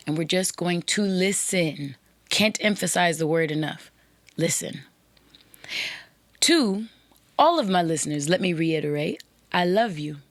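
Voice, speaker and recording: A woman's voice: on the low side, no room sound. A young woman hosting a podcast monologue, speaking earnestly and directly, sometimes dropping to a whisper for emphasis. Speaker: podcast host.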